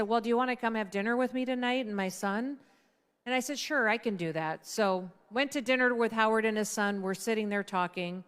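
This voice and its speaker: A woman's voice: medium pitch, smooth. A middle-aged woman giving a conversational speech at a political dinner, telling an anecdote and acting out the dialogue of the people in it. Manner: conversational, acts out quoted dialogue. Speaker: guest speaker at a political dinner.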